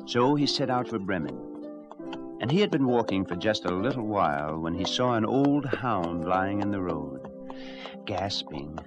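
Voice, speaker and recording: A man narrating a storybook tale in an expressive, animated reading style. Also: on the low side, moderate pace, lo-fi sound, music in the background.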